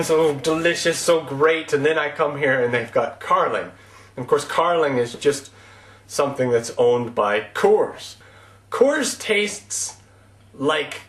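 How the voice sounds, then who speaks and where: A man's voice: a little high, fairly bright tone. Rambling man vlogging in an echoey room. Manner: rambling, self-mocking, with laughs. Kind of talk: casual comic monologue.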